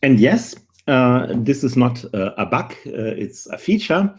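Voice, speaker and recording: A man in his forties with a German accent, presenting a live career webinar in an earnest way, with dry humor and frequent filler pauses. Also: mid-range voice, big pitch swings. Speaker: webinar host, career recruiter.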